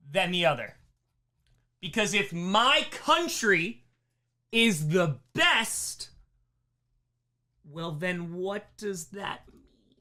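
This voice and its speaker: Brief: young male teacher, crisp bright tone, animated lecture with mock voices. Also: high-pitched. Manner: animated, acts out mock quotes, rhetorical questions. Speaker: streamer teaching history. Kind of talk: energetic classroom lecture. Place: streaming room.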